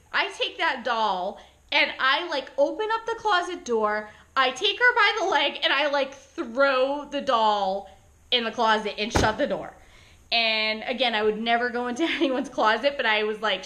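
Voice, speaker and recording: A woman vlogger recounting a story in a casual, chatty storytime. Her voice sits high and bright, and it swings widely up and down as she talks. She keeps tossing in "like" and "right?" as she goes. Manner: chatty, animated, many "like" and "right?" tags. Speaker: pet sitter and vlogger.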